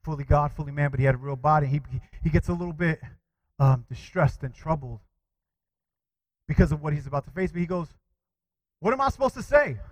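A man preaching a sermon with animated delivery, calling out to his congregation for responses and quoting scripture. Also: fairly high pitch, brisk, dry recording, poor audio. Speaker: pastor.

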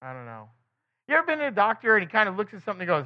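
A man with a high voice teaches a sermon in a relaxed, conversational way. He keeps asking rhetorical questions and slips into quick voices for the people in his stories. The recording is dull and lo-fi. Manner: asks the listeners frequent rhetorical questions; breaks into quick acted quotes of other people. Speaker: Bible teacher.

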